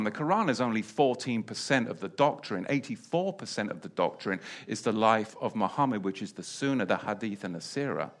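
Emphatic preacher man, mid-pitched. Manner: emphatic, repeats key phrases; swings between loud and soft. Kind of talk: sermon.

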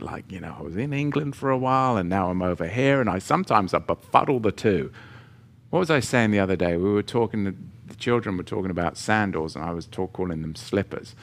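A man's voice: fairly low pitch, gravelly. A man teaching through a Bible chapter verse by verse in a conversational way, with joking asides, reading scripture with emphasis.

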